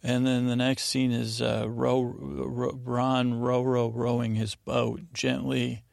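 A man hosting a sleep podcast, slowly retelling a story in a meandering way with many restarts and asides. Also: medium pitch, level tone, creaky, darkish tone, no echo, clean studio sound. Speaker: podcast host. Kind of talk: rambling bedtime retelling.

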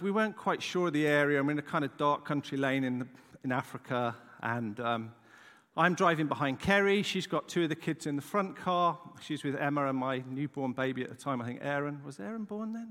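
A man's voice: a little high, fairly quick, a bit bright. A middle-aged male pastor telling a story in a sermon, chatty and self-deprecating. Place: church. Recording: long reverb of a church hall.

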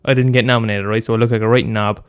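A man talks through his solo podcast in a loose, rambling way, full of ums, restarts and cheerful swearing. His pitch sits in an ordinary middle range. Faint music plays under his voice. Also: fairly even intonation, racing, clean tone. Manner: loose and profane, many fillers and restarts. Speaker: podcast host.

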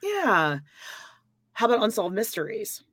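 A woman co-hosting a podcast, chatting casually and gossiping about TV in an animated way. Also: mid-range voice, dry recording, clean studio sound. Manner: animated, gossipy, quick reactions. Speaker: podcast co-host. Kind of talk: casual chat.

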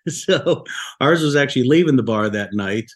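A man's voice: mid-range voice, animated, normal speed, slightly rough. Rambling storyteller man from Buffalo. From Buffalo, New York, USA. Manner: rambling anecdotes with frequent restarts. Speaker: restaurant co-founder guest. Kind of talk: casual podcast storytelling.

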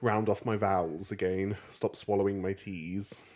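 A man's voice: sits low, fairly even intonation, a little mellow. A man with a southern English accent, co-hosting a podcast in casual, jokey chat and swearing freely. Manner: playful, jokey, quick to swear. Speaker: podcast co-host.

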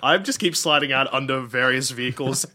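A man's voice: medium pitch, brisk, bright, forceful tone. A man co-hosting a casual podcast chat, laughing easily, swearing and steering the talk back on track. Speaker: podcast co-host.

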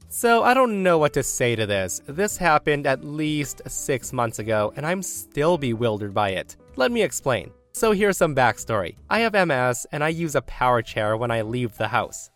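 A man narrating online stories, his voice swinging up and down with lively, disbelieving reactions between the retold events. His pitch sits in an ordinary middle range. Faint music plays underneath. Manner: animated, incredulous commentary. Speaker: story narrator. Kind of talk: reading online stories with commentary.

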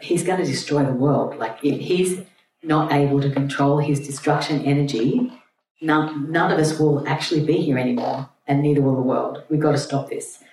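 A woman's voice: deep voice, normal speed, darkish tone, lightly acted. A woman voicing a group of panicking gods in a worried, urgent tone. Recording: roomy, distant mic, faint hum.

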